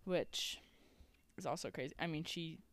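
A young woman co-hosting a podcast, chatting casually with quick reactions, gasps and laughs. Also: low voice, no echo. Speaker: podcast co-host. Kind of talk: casual chat.

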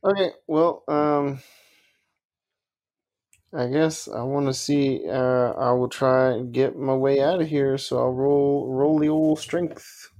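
A man's voice: medium pitch, fairly even intonation, takes it slowly, a little mellow. A man playing a tabletop game, speaking hesitantly with many ums and restarts. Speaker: player. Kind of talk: casual tabletop play.

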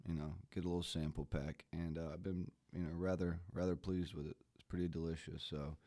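A man with a very deep, groggy morning voice hosts his podcast in a loose, rambling way, full of fillers and restarts. The recording is dry and close, with no room sound around him. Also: little pitch movement, a little fast, mellow, no room sound. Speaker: podcast host. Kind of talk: casual podcast intro.

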